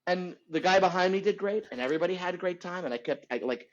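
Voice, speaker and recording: A middle-aged man, a comedian, telling stories in a lively podcast chat and acting out the people in them. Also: high-pitched, fast talker, highs cut off. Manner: animated, acts out voices. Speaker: comedian guest. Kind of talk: storytelling in casual chat.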